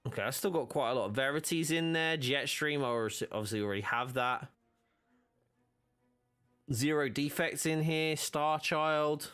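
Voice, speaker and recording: A man's voice: on the high side, measured pace, fairly bright tone, clear, resonant tone, faint music behind. A young man live-streaming a game, talking casually and rambling with many restarts.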